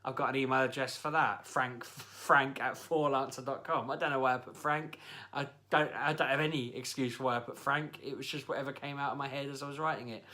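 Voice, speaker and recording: A man's voice: medium pitch, steady tone, brisk, sharp tone. A man telling a casual, exasperated story, grumbling as he goes. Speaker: vlogger. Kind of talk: casual spoken rant.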